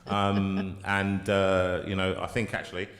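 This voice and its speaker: A man's voice: sits low, completely flat delivery, measured pace, fairly bright tone. A man from the south of England hosting a live music stream, chatty and self-mocking, laughing often as he tells stories. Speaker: singer and concert host. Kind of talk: casual live-stream chat. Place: music room. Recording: echoey room with long reverb.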